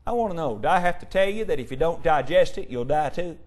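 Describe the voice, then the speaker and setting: A man's voice: a little high, lively intonation, fast. A man preaching a sermon, emphatic and full of rhetorical questions, quoting scripture in old-fashioned wording.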